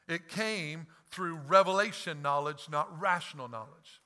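A male pastor preaching with fervor, in a high, very bright and cutting voice. He swings from near-shouted proclamations to quiet, hushed explanations, and acts out quoted lines with laughter. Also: measured pace. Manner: impassioned preaching, swings between loud and hushed. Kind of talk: sermon.

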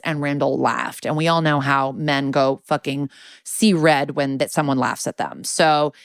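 A woman's voice: sits low, moderate pace, smooth, no room sound, studio quality. Casual sweary woman recapping an episode. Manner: casual, sweary, many "like" fillers. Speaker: podcast co-host.

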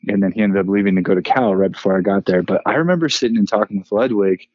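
Low, even-keeled man telling stories. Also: fast talker, breathy edge, no echo, lo-fi sound. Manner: even-keeled, relaxed storytelling with many fillers. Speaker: podcast guest, former player and coach. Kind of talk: casual podcast chat.

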